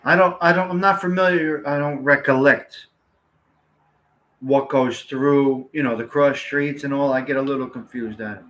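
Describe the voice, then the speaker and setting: A man talks straight to his livestream viewers, rambling and swearing freely. His voice is bright and forward, sitting at an ordinary middle pitch. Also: fairly even intonation, normal speed. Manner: blunt, rambling, salty-mouthed. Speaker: livestream host. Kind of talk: casual livestream chat to viewers.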